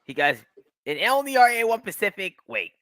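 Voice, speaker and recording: A man co-hosting a casual fan podcast, steering the chat back to the topic in an animated way. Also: high-pitched, moderate pace, no echo. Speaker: podcast co-host.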